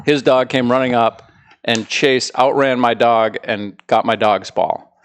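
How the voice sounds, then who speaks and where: A man's voice: medium pitch, steady tone, unhurried, smooth. A man co-hosting a casual podcast, laid-back and teasing, playing devil's advocate and telling long anecdotes. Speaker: podcast co-host, dog trainer.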